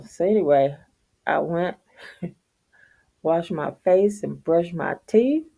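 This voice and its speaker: A woman's voice: lowish voice, a little slow, creaky, mellow, muffled recording. A middle-aged woman, telling viewers a casual, profane story and laughing often. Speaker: vlogger.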